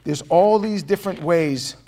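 An older male pastor preaching a sermon, telling stories with rhetorical questions and swinging from loud bursts to hushed, quiet passages. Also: sits high, measured pace, a little hiss or hum.

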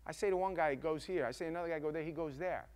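A man's voice: fairly high pitch, racing, a little mellow, clear, resonant tone, voice pushed down, close to an everyday voice. A man voicing a humble, earnest Roman centurion who speaks emphatically.

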